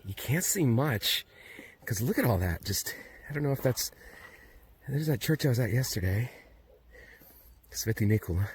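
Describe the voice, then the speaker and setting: This time the vlogger's voice sits at medium pitch with lively intonation, normal speed, and long pauses. He narrates casually while hiking up a steep road, breathless and thinking aloud, against outdoor ambience and background noise.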